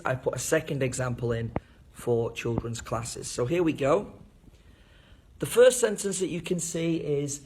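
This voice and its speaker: Man, fairly high voice, teacher, lesson at a whiteboard, carefully enunciated. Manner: clear, enunciating demonstrations with hand signals. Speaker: English teacher. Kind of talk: teacher training lesson at a board.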